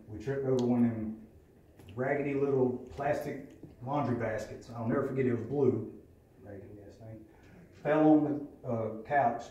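A man's voice: mid-range voice, mellow, a little hiss or hum. A man giving a candid, profane personal testimony at a recovery meeting, in a plainspoken storytelling manner. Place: meeting room. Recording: echoey room from a distance.

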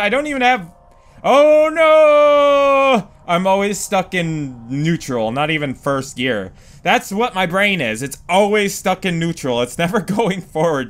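A young man talks over a video game at an unhurried pace, his voice high and clean. He swears freely and breaks into panicked shouts and laughter at his own mistakes. He speaks close to a desk microphone. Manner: excitable, swears a lot, panics loudly and laughs at himself. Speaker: gaming commentator. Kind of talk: let's play commentary.

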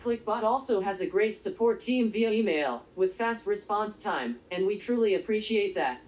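A synthetic, female-sounding robot voice narrating a scripted product review in a polite, monotone, evenly paced way. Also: medium pitch, normal speed, rough recording.

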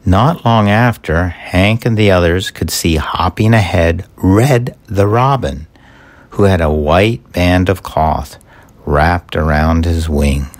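A man reading a children's storybook aloud as narrator, in a measured, gentle manner. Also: deep voice.

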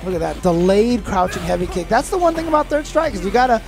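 An excitable man commentates a fighting game match live in a slightly gravelly voice. He's chatty, laughs a lot and trips over his own sentences, with faint music playing behind him. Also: sits high, fast talker. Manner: chatty, excitable, laughs often, many restarts.

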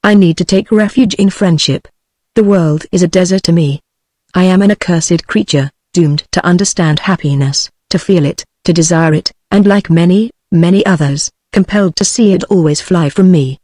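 A woman's voice: lowish voice, normal speed, no echo, clean studio sound, natural voice. A text-to-speech woman's voice with a British accent voicing a sad, fragile young female singer in a storybook reading. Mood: sorrowful. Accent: British English. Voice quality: even synthetic reading voice.

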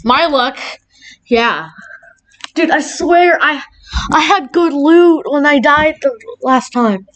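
A woman's voice: sits high, slow, fairly bright tone. A woman commentating her gameplay, blurting out short cries and angry rants. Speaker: gamer.

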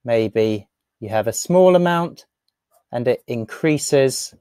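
Lively patient woman teaching vocabulary. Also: rumbling low, slow, dry recording, studio quality. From England. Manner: patient, playful, repeats words for learners. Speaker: speech and language teacher.

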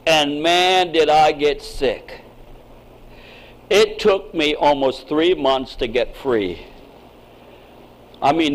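A pastor delivers an emphatic sermon, his pitch and loudness swinging suddenly and his words often repeated. The recording is rough.

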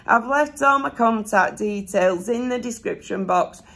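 Yorkshire woman, casual haul vlogger, gravelly voice, sore-throated and slightly breathless, homely rambling delivery. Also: on the high side, unhurried, fairly bright tone. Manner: rambling, homely, filler-heavy. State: sore throat, voice a bit rough. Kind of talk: casual chatty haul vlog. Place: seated indoors.

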